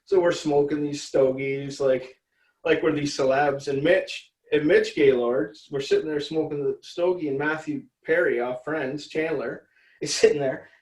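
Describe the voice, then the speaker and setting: A man spins a long, rambling story as a podcast guest, swearing freely and laughing along the way. His voice sits a little high for a man. The room around him sounds echoey. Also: fairly even intonation, moderate pace, darkish tone. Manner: rambling, profane, laughs through stories. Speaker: interview guest. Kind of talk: casual storytelling.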